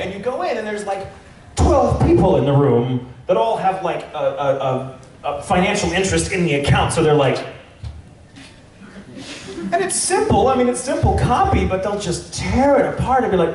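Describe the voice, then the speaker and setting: A male voice actor answering questions on a convention panel, telling animated, self-deprecating stories with playful impressions. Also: high voice, moderate pace. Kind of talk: convention Q&A storytelling. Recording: echoey hall from far off, audience noise.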